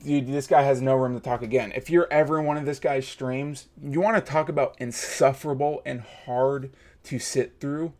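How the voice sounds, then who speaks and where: A man's voice: mid-range voice, steady tone, normal speed, darkish tone. A man in his thirties hosting a reaction video, ranting in a heated, mocking way. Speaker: host. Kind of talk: reaction commentary.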